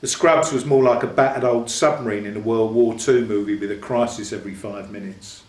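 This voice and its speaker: A man's voice: mid-range voice, a little fast, hardly any pauses, darkish tone. Older man reading from his memoir. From London, England. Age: 60s. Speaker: author. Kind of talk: book reading. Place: reading event, indoors. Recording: echoey room.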